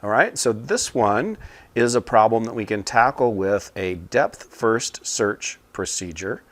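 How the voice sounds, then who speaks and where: A man teaching computing, talking a class through a problem at a whiteboard in a relaxed, explanatory way with frequent fillers. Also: lowish voice, unhurried, no echo. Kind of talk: casual whiteboard lesson explanation. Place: small room at a whiteboard.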